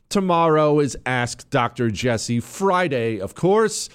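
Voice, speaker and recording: Animated, opinionated male talk radio host. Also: medium pitch, slow pace, few pauses, smooth. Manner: opinionated, emphatic, animated delivery with wide swings. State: has the hiccups.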